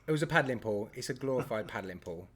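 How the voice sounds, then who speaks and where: A man's voice: medium pitch, expressive, fast talker, a little hiss or hum. A man hosting a casual live stream, chatty and laughing as he greets viewers by name. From England. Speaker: host.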